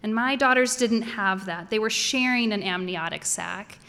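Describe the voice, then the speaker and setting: A woman's voice: medium pitch, normal speed, sharp tone, smooth. A woman telling a personal story before an audience, conversational and wryly humorous. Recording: echoey hall.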